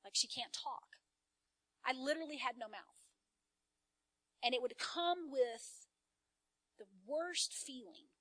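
A woman preaching to her congregation, telling her own story with lively emphasis. Her voice is bright and set fairly high. The sound is close and dry. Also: slow pace, pauses often, dry recording. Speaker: church speaker. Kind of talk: sermon-style testimony.

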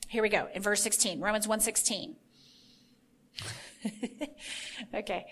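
A woman's voice: medium pitch, steady tone, a little slow, long pauses, fairly bright tone. A woman giving an informal sermon on her podcast, earnest, stacking repeated phrases for emphasis and thinking aloud. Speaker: podcast host teaching the Bible.

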